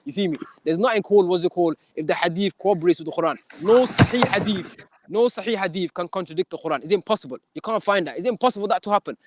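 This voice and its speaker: Fast combative young man. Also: high-pitched. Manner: combative, fast street slang, repeats "you feel me". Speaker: debater. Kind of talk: heated live debate.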